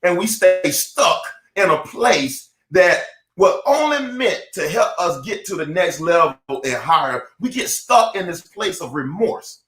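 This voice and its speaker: Emphatic male motivational preacher, high voice, roomy echo. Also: sing-song, measured pace, fairly bright tone. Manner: fervent, emphatic, repeats phrases. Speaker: motivational speaker. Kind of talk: preaching-style motivational talk. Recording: echoey room.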